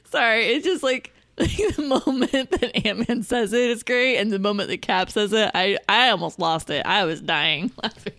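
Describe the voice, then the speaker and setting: Female co-host, mid pitch, chatty and laughing, dry sound. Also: fairly bright tone, dry recording. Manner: chatty, laughs often, quick interjections. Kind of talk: casual film discussion.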